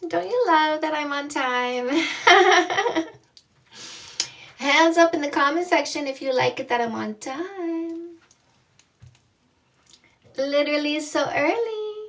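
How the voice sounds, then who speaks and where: A woman's voice: sits high, slow pace, pauses often, a bit bright, recorded from a distance. A woman from Canada, a dating coach, chatting casually and bubbly with viewers on a livestream, often laughing.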